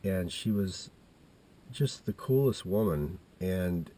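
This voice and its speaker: A man in his fifties rambles through a personal story in a low, husky voice. His tone is dark and mellow, and he keeps restarting his sentences and wandering off into side details. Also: expressive, takes it slowly. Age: 50s. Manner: meandering, with many restarts and asides. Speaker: vlogger telling a personal story.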